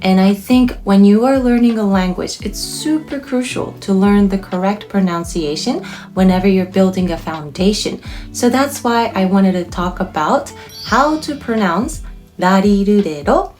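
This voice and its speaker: A young woman from Japan gives a pronunciation lesson in a clear, patient manner. She models each word slowly so her learners can repeat after her. Her voice sits at an ordinary middle pitch. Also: darkish tone, soft background music. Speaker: language teacher.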